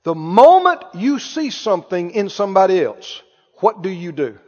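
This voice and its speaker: In an echoey hall captured with dull, lo-fi sound, a pastor delivers an emphatic sermon to his congregation. His high voice has a sing-song lilt and a darkish tone, moving at normal speed as he repeats key phrases and asks whether the listeners hear him.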